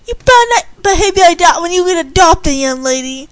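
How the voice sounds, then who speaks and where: A woman's voice: very high voice, expressive, normal speed, pitched above the performer's own voice. A woman doing a stern old orphanage matron. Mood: scolding. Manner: scolding, firm. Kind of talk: storybook reading.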